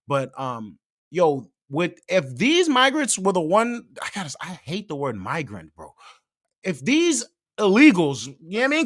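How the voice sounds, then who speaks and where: A man's voice: high-pitched, dry recording, clean studio sound. A man hosting a live show, giving casual, slangy commentary and getting worked up as he talks. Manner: animated, slangy, restarts and fillers. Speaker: podcast host.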